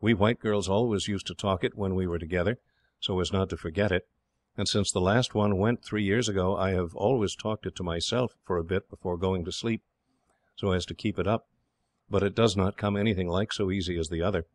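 A man voicing an exhausted, gentle young English girl who speaks softly and sighs. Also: sits low, steady tone, fairly quick, no room sound, natural voice. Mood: wistful. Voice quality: soft, sighing.

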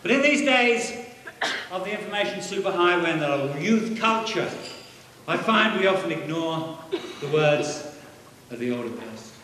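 A man playing a fake male professor at a business conference, telling jokes deadpan and bantering with the audience. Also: sits high, a little slow, long pauses, slight background noise, heavily acted. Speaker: conference speaker. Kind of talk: stand-up comedy as a hoax lecture. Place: large conference hall. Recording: echoey hall with long reverb.

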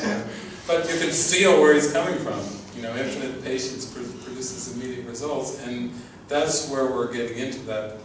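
A man's voice: mid-range voice, moderate pace, few pauses. A man giving an informal spiritual talk as a teacher, earnest and often laughing, repeating his words. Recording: echoey, distant mic with background noise.

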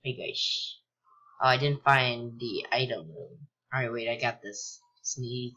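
A man's voice: medium pitch, a little slow, dull audio. Rambling young guy playing a game. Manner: rambling, lots of ums and likes, sudden excited yelps. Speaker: gameplay commentator. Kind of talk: casual let's-play commentary.

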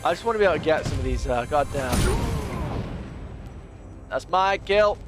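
A man's voice: a little high, lively intonation, rapid-fire, over music. A man streaming a video game, giving chatty, often exasperated commentary. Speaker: gaming streamer. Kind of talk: casual gameplay commentary.

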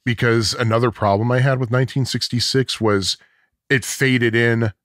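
A man co-hosts a casual music podcast, humming bits of songs and singing sounds and riffs to illustrate his points. His voice is medium-pitched and a bit bright, with fairly even intonation at a normal speed. The recording is dry, with clean studio sound.

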